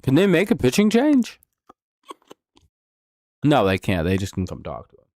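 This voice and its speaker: A man's voice: mid-range voice, wildly swooping pitch, normal speed, a little mellow, no room sound, clean studio sound. A man hosting a live game watch-along, swearing freely and slipping into mock announcer play-by-play, a little tipsy from drinking. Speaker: livestream host.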